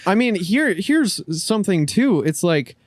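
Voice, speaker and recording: A man's voice: sits high, sing-song, a little slow, dry recording. A man co-hosting a podcast in casual chat, explaining his point earnestly with everyday examples. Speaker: podcast co-host. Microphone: podcast microphone.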